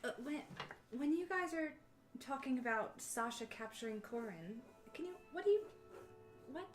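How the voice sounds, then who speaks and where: A woman's voice: sits high, expressive, normal speed, faint music behind. A woman playing a tabletop game, asking cautious questions in character. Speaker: player. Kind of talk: tabletop role-play.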